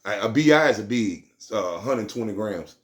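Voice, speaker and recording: A man's voice: lowish voice, expressive, moderate pace, fairly bright tone. Man rambling through a street story. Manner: slangy, rambling, repeats words.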